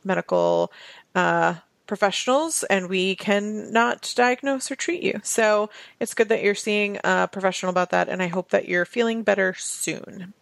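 A woman's voice: medium pitch, normal speed, vocal fry, no room sound. A woman co-hosting a health podcast, chatty and loose, full of "you know". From Massachusetts. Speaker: podcast co-host. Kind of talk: casual health podcast chat.

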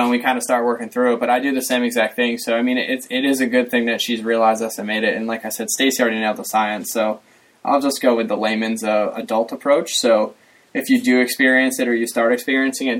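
A man's voice: mid-range voice, low-quality recording. Male podcast co-host, mid-range voice, playful and chatty. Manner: jokey, animated storytelling. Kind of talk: casual chat.

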